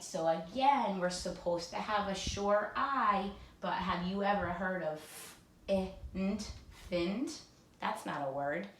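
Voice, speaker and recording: A woman teaching a children's phonics lesson at an unhurried pace, spelling each word out letter by letter. The room is echoey and a faint hiss sits under her voice. She leads the drills plainly, then asks the children to repeat. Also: on the low side, fairly bright tone, recorded from a distance.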